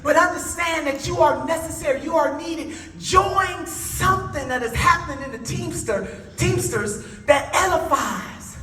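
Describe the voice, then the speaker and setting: At a conference, a woman with a high voice and sharp tone delivers an impassioned speech at a measured pace, using a preacher-like cadence that is folksy and rousing as she addresses the crowd directly. She is recorded from a distance in an echoey hall, with crowd noise, music, and slight background noise.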